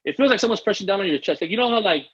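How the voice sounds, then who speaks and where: A man's voice: high-pitched, expressive, racing, slightly rough, dull audio. A man telling a personal story as a podcast guest, earnest and rambling, often restarting his sentences. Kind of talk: casual interview storytelling.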